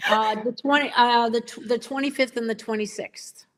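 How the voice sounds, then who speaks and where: A woman's voice: a little high, fairly even intonation, moderate pace, a little hiss or hum. A woman from the Boston area, a guest in a casual chat, rambling and hesitant with many fillers.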